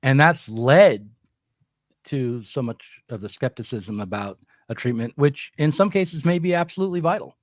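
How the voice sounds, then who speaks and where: A man co-hosting a political talk stream, speaking in a middle-pitched voice with frequent fillers and self-corrections. The sound is dry and close, with no room around it. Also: expressive, moderate pace, no room sound. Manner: hesitant, many restarts and fillers. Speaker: podcast co-host. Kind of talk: casual political discussion.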